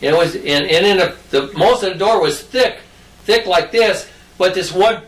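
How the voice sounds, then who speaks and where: An older man spinning folksy, rambling tales from his childhood. His voice sits somewhat high for a man. He is recorded from a distance in a roomy space, with faint noise behind him. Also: normal speed, fairly bright tone. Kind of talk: casual storytelling.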